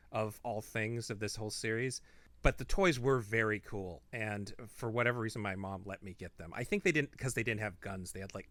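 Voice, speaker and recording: A man's voice: on the low side, bright, forceful tone, no room sound. A man co-hosting a podcast, chatting casually and rambling into asides. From not from the Midwest. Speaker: podcast co-host. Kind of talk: casual chat.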